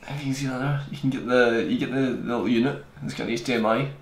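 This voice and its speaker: A young man reviewing a gadget on camera in a fast, joking, rambling way. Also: mid-range voice, fairly even intonation. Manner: fast-talking, joking, digressive. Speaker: tech reviewer. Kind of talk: casual rambling product review. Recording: echoey room, faint hiss.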